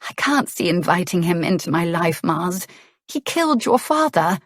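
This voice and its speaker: A woman narrator voicing an earnest young noblewoman, speaking in a higher, questioning tone. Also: very animated, normal speed, husky, no room sound, clean studio sound.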